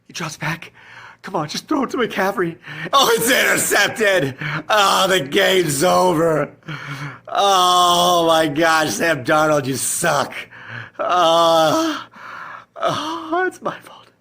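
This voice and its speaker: A woman's voice: medium pitch, big pitch swings, moderate pace, fairly bright tone, husky, full character voice. A woman playing a panicked, guilt-ridden fantasy football manager in a comedy sketch, whispering breathlessly and swinging between terror and relief. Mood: despairing.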